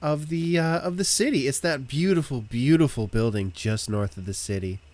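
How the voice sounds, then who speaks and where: A man's voice: medium pitch, normal speed, a little mellow, no room sound, pitched above the performer's own voice, natural voice. A man voicing an overly pleasant city townsperson who praises everything effusively in a tabletop game. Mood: sugary.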